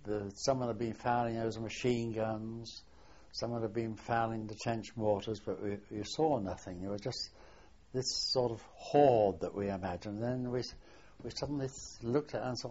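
A man's voice: on the low side, fairly even intonation. Elderly man, lo-fi archival tape. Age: older. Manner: halting reminiscing, trailing off softly. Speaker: war veteran interviewee. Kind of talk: oral history interview.

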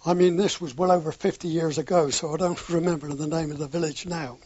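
A man's voice: fairly high pitch, fairly even intonation, a little fast, a little mellow, husky. An older man telling a wartime anecdote in an oral history interview, acting out the dialogue with a chuckle now and then. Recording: dull lo-fi recording.

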